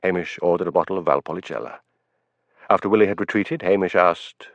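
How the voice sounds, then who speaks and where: A man narrating an audiobook in a measured storytelling manner, in a dull, dry recording. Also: low voice, no echo. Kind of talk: scripted narration.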